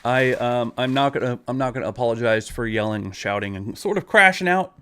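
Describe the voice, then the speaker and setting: A man's voice: mid-range voice, brisk, hardly any pauses, fairly bright tone, clean tone. A man ranting at his viewers in a live video, profane and exasperated, talking straight at them. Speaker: online creator.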